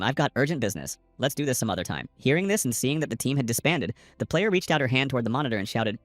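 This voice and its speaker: Quick guy reading a manhwa recap, voice bouncing up and down a lot, dry close sound. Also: mid-range voice, lively intonation, fairly bright tone, no echo, faint music behind. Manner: reads all characters' lines in a lightly varied narrator voice. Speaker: recap narrator. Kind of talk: scripted story narration.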